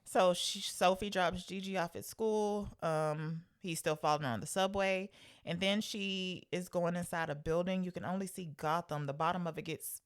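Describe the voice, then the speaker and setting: A woman co-hosting a podcast, chatting about a film, laughing often and firing off quick questions. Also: lowish voice, fairly even intonation, smooth. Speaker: podcast co-host. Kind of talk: casual movie discussion.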